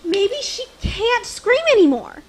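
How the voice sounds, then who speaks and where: A woman playing a frightened, stubborn young girl in a live old-time radio drama, pleading, crying and shouting. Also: extremely high pitch, sing-song, takes it slowly, slight background noise, full character voice. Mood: earnest.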